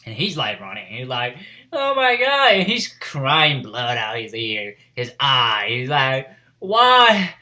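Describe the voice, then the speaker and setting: A man's voice: mid-range voice, sharp tone. A man casually reviewing an anime episode, rambling with lots of "you know" and "like" and restarting his phrases.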